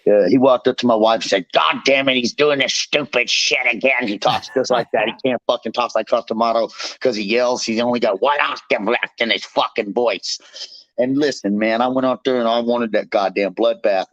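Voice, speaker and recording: Guesting on a show, this male bare knuckle fighter brags and curses constantly as he rips into his opponent with fired-up, profane trash talk. He talks fairly quickly at a medium pitch with fairly even intonation. There's no echo, and the dry audio sounds slightly dull.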